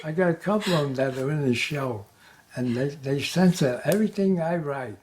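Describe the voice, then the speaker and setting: A man's voice: on the high side, normal speed, a little mellow, a little hiss or hum. A man in his nineties telling jokes and stories as an interview guest, chuckling at his own punchlines. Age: 90s. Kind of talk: joke-telling storytelling. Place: local TV studio.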